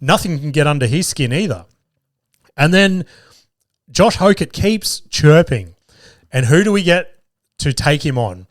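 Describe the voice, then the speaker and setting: A man hosting a podcast, retelling stories in a fast, profane, excitable way. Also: a little high, no room sound, clean studio sound. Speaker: podcast host. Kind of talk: casual chat.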